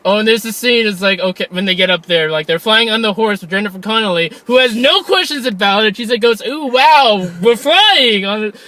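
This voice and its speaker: This young film-chat co-host talks fast with almost no pauses, his high voice carrying a sharp tone. The conversation is casual and rambling, and he restarts frequently while using "like" constantly.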